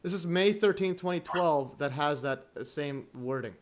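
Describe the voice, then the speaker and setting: A man hosting a livestream in casual chat, halting and full of restarts, chuckling often as he talks. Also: on the high side. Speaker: livestream host.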